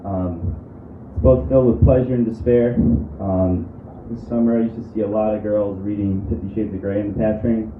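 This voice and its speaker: A young man from the New doing a stand-up set in a comedy club, deadpan and halting, with many ums and restarts. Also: lowish voice, phone-quality sound. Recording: roomy club audio from a distant mic with room noise.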